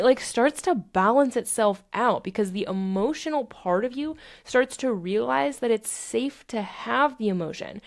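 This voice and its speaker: A woman's voice: a little high, darkish tone. A young adult woman hosting a podcast, talking through self-help tips in a candid, casual way, swearing freely and acting out her inner dialogue. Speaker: podcast host.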